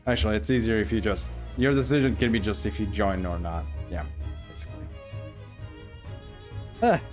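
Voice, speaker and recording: A man's voice: lowish voice, moderate pace, faint music behind. A man streaming a video game live, chatting casually, joking and laughing as he talks back to his viewers. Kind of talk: casual live gameplay commentary.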